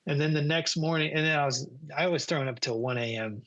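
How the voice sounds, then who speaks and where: Animated man telling a story. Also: a little high, quick pace. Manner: animated, laughs while telling. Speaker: guest photographer. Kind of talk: casual storytelling.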